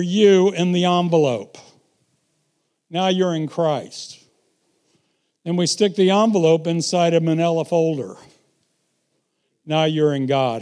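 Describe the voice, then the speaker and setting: A middle-aged man preaching a sermon, telling stories and swinging from quiet asides to loud, emphatic bursts. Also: a little high.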